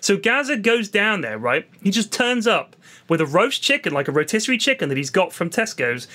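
A man's voice: high-pitched, big pitch swings, fairly quick, sharp tone. An Englishman hosting a casual podcast chat, jokey and sweary, spinning stories.

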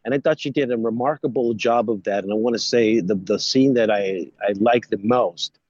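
A man's voice: lowish voice, normal speed, darkish tone, dry recording. A man co-hosting a podcast, chatting casually and retelling favorite moments with enthusiasm. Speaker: podcast co-host. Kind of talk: casual chat. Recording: dry, dull lo-fi sound.

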